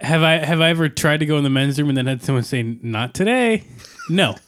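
A man's voice: a little high, steady tone, rapid-fire, fairly bright tone. A man co-hosting a casual podcast chat, steering it with questions to the others. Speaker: podcast co-host.

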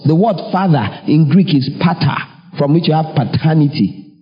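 A man's voice: fairly high pitch, expressive, moderate pace, lo-fi sound. A man preaching a sermon emphatically, asking the congregation rhetorical questions. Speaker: pastor.

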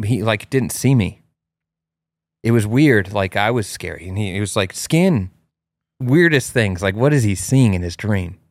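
A man in his thirties hosting a casual chat, telling a family story in an animated way and jumping into a high voice when he quotes his child. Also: measured pace, no echo. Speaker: host.

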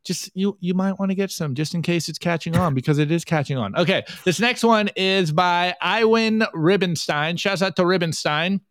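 A man's voice: high voice, moderate pace, hardly any pauses, dry recording. A man co-hosting a show, chatting casually and animatedly as he reviews memes. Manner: animated, jokey, puts on voices for quoted memes. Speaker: podcast co-host. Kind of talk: casual meme review chat.

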